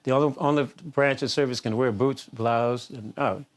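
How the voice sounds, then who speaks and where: Frequent chuckles punctuate the anecdotes of an older Detroit-area singer being interviewed. His medium-pitched voice stays steady, and his pace is moderate.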